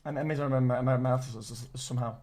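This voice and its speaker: A woman's voice: rumbling low, steady tone, fast talker, dark tone, faint music behind, voice pushed down. A synthetic female voice voicing a flustered male streamer who stammers and repeats his words.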